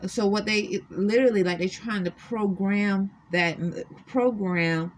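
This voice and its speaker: A woman's voice: fairly low pitch, moderate pace, a little hiss or hum. A woman earnestly recounting her own experiences to the camera from a hotel room, insistent and emphatic. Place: extended-stay hotel room.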